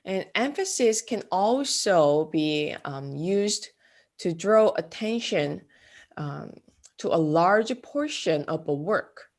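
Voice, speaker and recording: A woman giving a classroom art lecture, speaking haltingly with many fillers. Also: fairly low pitch, expressive, a little mellow. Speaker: art instructor.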